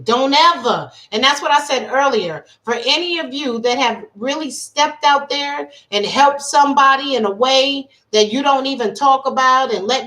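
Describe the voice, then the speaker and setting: A woman life coach gives a tarot reading on a casual livestream. She talks in an emphatic, colloquial way and repeats her points for weight. Her voice sits slightly high. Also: a bit bright. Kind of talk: casual livestream talk and storytelling.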